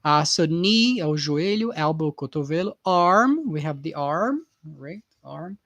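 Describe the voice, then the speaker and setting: A man teaches English in a live online class. He goes slowly and patiently, repeats each word, and keeps checking in with his students. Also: a little high, expressive, a bit bright. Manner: patient, repetitive, checks in with "right?" constantly.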